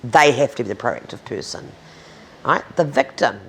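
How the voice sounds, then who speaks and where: A blunt woman in her fifties speaks with a New Zealand accent. Her voice has a gravelly edge and swings widely in pitch as she drives each point home. She swears freely and doesn't soften a thing. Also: animated, moderate pace. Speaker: interviewee, domestic violence advocate. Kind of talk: candid conversational interview.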